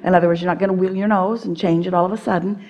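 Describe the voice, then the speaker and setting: A woman's voice: fairly low pitch, steady tone, very fast, lo-fi sound. A woman teaching at a live seminar, speaking as "we" and coaching an audience member step by step in a firm, playful manner.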